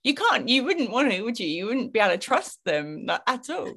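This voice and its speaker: A woman's voice: on the high side, sing-song, fairly quick, fairly bright tone. A woman hosting a casual podcast interview, affirming her guest with many "yeah"s. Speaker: podcast host.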